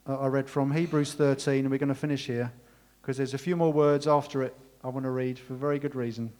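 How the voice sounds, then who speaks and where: A man's voice: mid-range voice, steady tone, fast talker. A man preaching a sermon as pastor, earnestly thanking his congregation and leading a closing prayer. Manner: earnest, warm, emotional thanks.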